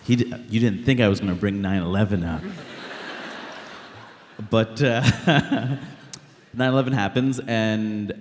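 A stand-up comedian from Queens, talking in an interview in an animated, emphatic way. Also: lowish voice, moderate pace, big-room sound. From Queens, New York. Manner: animated, emphatic, blunt, many "like" fillers. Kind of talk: conversational interview.

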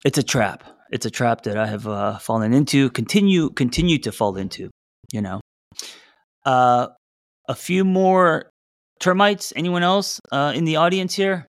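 A middle-aged man talks through relationship advice in a loose, unscripted way. He stumbles, restarts and jokes at his own expense. His voice sits at a middle pitch and sounds close and dry. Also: dry recording. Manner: loose and conversational, many fillers and restarts, reading out audience replies. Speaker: podcast host. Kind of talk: casual relationship advice talk.

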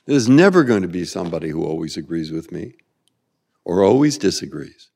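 Gravelly older man, lively rambling answers. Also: low-pitched, fairly quick, long reverb tail. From San Francisco, USA. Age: 80s. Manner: discursive, circling back with repeated words and asides. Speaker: Supreme Court justice, guest. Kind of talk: reflective interview answers.

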